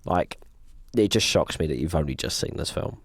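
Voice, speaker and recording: A man co-hosting a casual film podcast, chatting in an animated, rambling way. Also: extremely low pitch, moderate pace, dry recording, studio quality. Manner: animated, chatty, lots of fillers and restarts. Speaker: podcast co-host. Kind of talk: casual chat.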